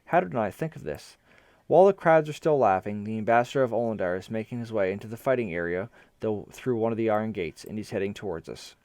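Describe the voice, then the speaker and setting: A man's voice: fairly low pitch, fast, hardly any pauses, darkish tone, dry recording. A man reading an interactive fantasy story aloud in the first person, narrating events and his character's nervous thoughts.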